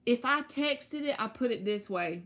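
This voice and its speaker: A woman, giving tarot readings on a live stream and chatting to her viewers in an animated, storytelling way. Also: on the high side, moderate pace. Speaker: tarot reader.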